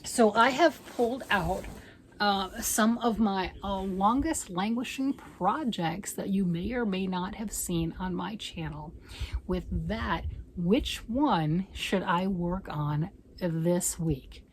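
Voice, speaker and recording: A woman's voice: mid-range voice, takes it slowly, slight background noise, rough recording. A middle-aged woman hosting her crochet channel, chatting casually to camera in a rambling, self-mocking way.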